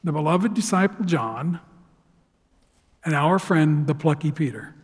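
A man preaching a sermon as pastor, telling the story dramatically and swinging from loud to hushed. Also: fairly high pitch, animated, measured pace. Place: church sanctuary. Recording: long hall reverb.

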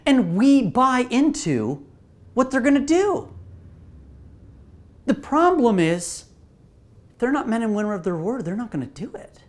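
A woman pastor preaching a sermon in an animated way, asking the listeners rhetorical questions. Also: a little high, measured pace, long pauses.

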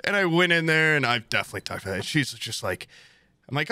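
A man co-hosting a podcast in casual comedic chat, animated, acting out other people's voices as he tells stories. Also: mid-range voice, fast talker, slight background noise. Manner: animated storyteller, acts out voices and yells for laughs. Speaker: podcast co-host.

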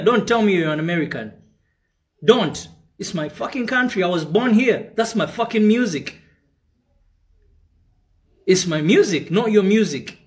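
A man from Uganda with a Ugandan accent, a musician in a heated, profane rant, switching between English and Luganda. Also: high-pitched. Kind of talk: angry direct-to-camera rant.

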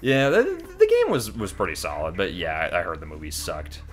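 Rambling low-voiced young man. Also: huge pitch swings, brisk. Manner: rambling, stop-start with many fillers. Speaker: co-host of a gaming channel. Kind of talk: casual let's play banter.

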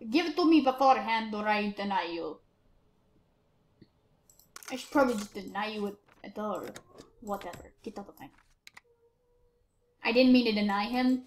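A woman's voice: mid-range voice, animated, normal speed, long pauses. A woman giving casual game commentary while playing a bossy, impatient border inspector. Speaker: gamer narrating her play. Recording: roomy, faint noise.

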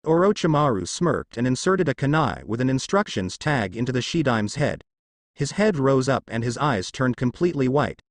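Man narrating fan fiction, lively and dry. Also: mid-range voice, normal speed, dry recording. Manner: steady storytelling read, voicing all characters in the same plain voice.

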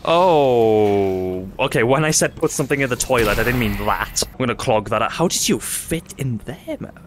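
A man's voice: mid-range voice, animated, background noise. A young man, commentating a game casually, swearing often and laughing easily. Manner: chatty, swearing, quick to laugh. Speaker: gaming YouTuber. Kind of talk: casual let's-play commentary.

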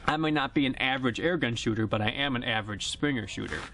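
A man's voice: mid-range voice, fast talker, bright, forceful tone, a little hiss or hum. A man giving a casual, joking review at an outdoor shooting range. He speaks plainly, recorded on a directional mic mounted on the camera. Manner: chatty and joking, plain-spoken. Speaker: airgun reviewer. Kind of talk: casual product review vlog. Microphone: camera-mounted directional shotgun mic.

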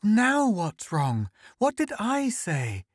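A man's voice: expressive, normal speed, no echo, studio quality, lightly acted. A man voicing an anxious, eager-to-please wife in an audiobook story. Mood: bewildered. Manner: high, fluttery questioning.

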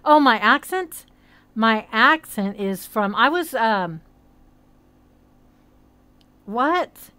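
Very slow and full of long pauses, her speech has a fairly high pitch, lively intonation and a sharp, clean tone with no echo. She's a streamer and hypnotist with a hard-to-place mixed accent, rambling casually and swearing a bit on a livestream in a VR social world.

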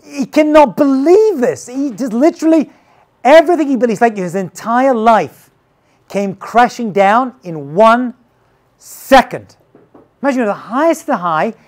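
Male rabbi, lively casual storyteller with expressive, swinging pitch. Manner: dramatic, casual, retells scenes with acted quotes. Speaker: rabbi teaching. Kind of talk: animated storytelling lesson.

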